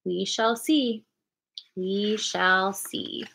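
A woman voicing a calm, thoughtful doctor in a storybook reading. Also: fairly high pitch, moderate pace, slight background noise. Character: calm, measured country doctor, man.

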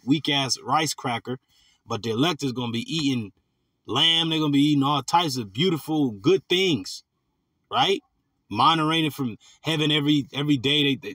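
A man teaching from scripture, reading verses slowly and then commenting in casual slang. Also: medium pitch, fairly bright tone, no room sound. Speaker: preacher.

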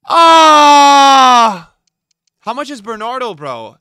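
A tired man live-streaming a game, swearing and venting at his chat, from mutters to yells. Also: medium pitch, animated, normal speed, no room sound, clean studio sound. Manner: swears and vents at chat, swinging from mumbling to yelling.

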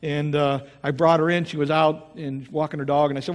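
A man preaching a sermon as pastor, reading scripture aloud with his own asides and praying in a soft voice. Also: on the high side, level tone, moderate pace. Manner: reads scripture aloud with asides, then prays softly. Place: church sanctuary. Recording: church hall reverb.

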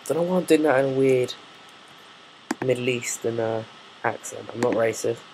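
A man's voice: medium pitch, moderate pace, background noise. A man casually commenting on his own gameplay, muttering, swearing and thinking aloud while he builds. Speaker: gameplay video maker.

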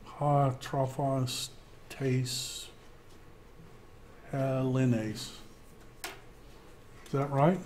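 Man, Greek teacher, slow unhurried speech, faint background hiss. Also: medium pitch, flat delivery, a little mellow. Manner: slow, thinking aloud with many fillers. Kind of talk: classroom Greek lesson.

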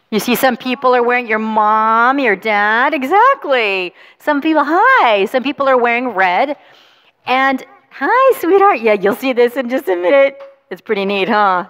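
A woman pastor reading the gospel, then talking gently with children, coaxing and encouraging them. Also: on the high side, sing-song, moderate pace. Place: large church sanctuary. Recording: long reverb of a church hall.

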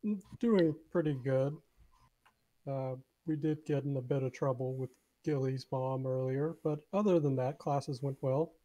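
A player in a tabletop game with a dark, mellow tone. The delivery is easygoing and understated. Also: medium pitch, a little slow.

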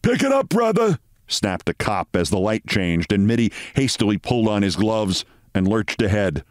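Male host, story reading, low voice, measured and expressive. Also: no room sound, studio quality.

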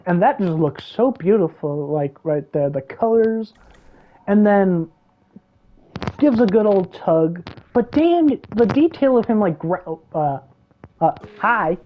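A woman giving excitable gameplay commentary, gasping and exclaiming as she reacts. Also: medium pitch, slow, lo-fi sound. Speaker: gaming YouTuber.

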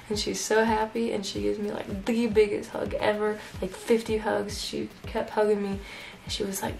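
A woman's voice: mid-range voice, flat delivery, moderate pace, gravelly, darkish tone, slight background noise, low-quality recording. A young woman telling a personal story in a casual vlog, chatty and full of "like" fillers. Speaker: YouTuber.

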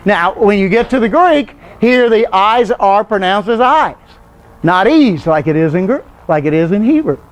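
A man's voice: sits high, expressive, normal speed. A man teaching an informal Bible study class, explaining loosely and stopping often to quiz the class with questions. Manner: conversational, quizzes the class with questions.

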